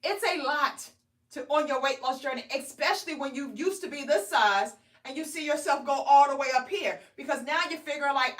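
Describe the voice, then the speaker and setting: Bright high-voiced woman, chatty vlogger. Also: normal speed. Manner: chatty, keeps tagging "okay?" and "guys". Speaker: weight loss vlogger. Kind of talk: live-streamed motivational talk to viewers. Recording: distant from the mic.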